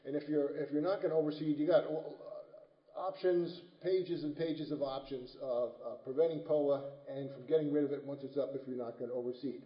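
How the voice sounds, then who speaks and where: A man's voice: on the high side, steady tone, brisk. A man giving a conference lecture in a folksy, joking way, often restarting his sentences and adding "right?" and "okay?" to check in with the audience. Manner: folksy, joking, many restarts and tag questions. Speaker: turfgrass lecturer. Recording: dull, roomy hall recording.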